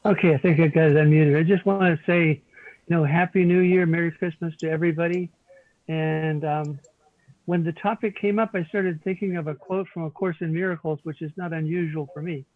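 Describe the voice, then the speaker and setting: A man on a video call sharing gentle, affectionate holiday wishes, slowing on key phrases. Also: on the high side, fairly even intonation, no room sound. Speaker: congregation member. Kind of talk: heartfelt sharing. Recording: tinny phone-like video call audio.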